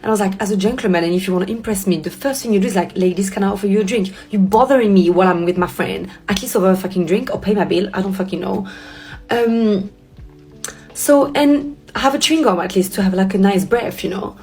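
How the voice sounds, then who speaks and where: A woman telling a personal story to camera, animated and indignant, swearing often. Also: mid-range voice, fast talker.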